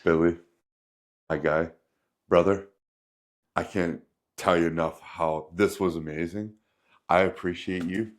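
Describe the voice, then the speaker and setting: Deep-voiced man hosting a podcast. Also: fairly even intonation, a little slow, long pauses. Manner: warm brief affirmations and thanks. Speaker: podcast host. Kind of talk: casual interview.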